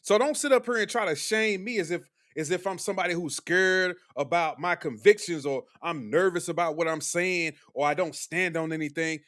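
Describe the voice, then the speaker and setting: A man's voice: on the high side, moderate pace, hardly any pauses, fairly bright tone. A young man doing live-stream commentary, talking bluntly and combatively to his chat with heavy slang. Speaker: livestream commentator.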